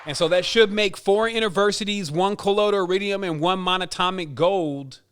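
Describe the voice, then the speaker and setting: A man's voice: high voice, moderate pace, fairly bright tone, slight background noise. A man hosting a podcast, casually announcing giveaway winners and counting prizes aloud in an upbeat way. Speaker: podcast host.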